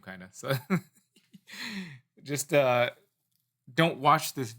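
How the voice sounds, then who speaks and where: A reptile breeder chats casually with his snake, playful and apologetic, slipping into baby talk for the animal. His medium-pitched voice has a sharp tone, and he speaks at a normal speed with frequent pauses.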